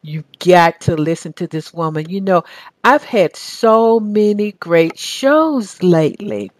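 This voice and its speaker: A woman's voice: lowish voice, lively intonation, slow pace, no room sound. A woman with a Southern US accent hosting a radio talk show, speaking with enthusiastic, faith-filled conviction.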